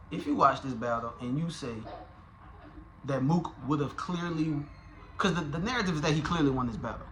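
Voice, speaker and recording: A man giving a casual, profane, animated review of a rap battle, talking in slang and restarting his sentences often. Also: fairly high pitch, slight background noise. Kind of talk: casual commentary.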